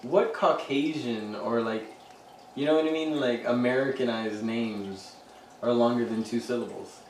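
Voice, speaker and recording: A man's voice: medium pitch, fairly even intonation, measured pace, a little mellow, distant mic. Middle-aged male co-host, rambling jokey chat; roomy off-mic sound with light noise. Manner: joking, rambling, laughs often. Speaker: podcast co-host. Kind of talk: casual chat.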